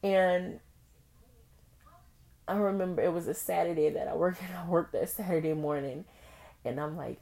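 A young woman hosting a podcast, telling a personal story in a candid, profane, animated way with frequent laughs. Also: lowish voice, moderate pace, pauses often. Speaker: podcast host.

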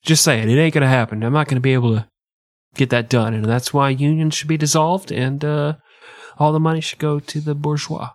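A man's voice: a little high, fairly even intonation, brisk, no echo. Crude, mock-serious male co-host. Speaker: podcast co-host. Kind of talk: casual comedic banter.

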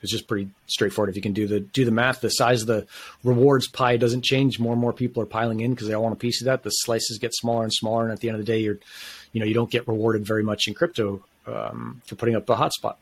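A man's voice: fairly low pitch, level tone, quick pace, husky. A man talking as a podcast guest, telling a long story in a casual, enthusiastic, rambling way with plenty of slang.

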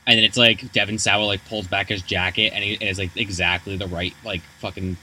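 A man's voice: lowish voice, steady tone, fairly quick, pushed and bright, a little hiss or hum. A man co-hosting a podcast, retelling movie scenes in profane, casual chat. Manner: profane storyteller, acts out characters. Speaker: podcast co-host.

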